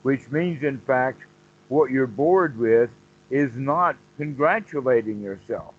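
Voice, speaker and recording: Male meditation teacher, mid pitch, unhurried explainer, lo-fi call audio. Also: animated. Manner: slow, explanatory, repeats phrases. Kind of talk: dharma talk on a call.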